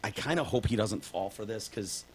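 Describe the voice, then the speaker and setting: A man's voice: on the low side, lively intonation, normal speed, a little hiss or hum. A man with a Detroit accent co-hosting a casual comedy podcast, sarcastic and prone to acting out little voices. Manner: sarcastic, acts out voices in bits. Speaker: podcast co-host.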